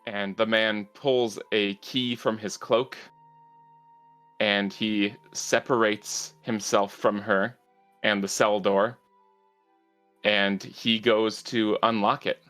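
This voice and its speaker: Man running a tabletop game, low voice, slow and bright, faint music. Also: flat delivery, clear, resonant tone. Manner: measured, halting with fillers and restarts. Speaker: game master.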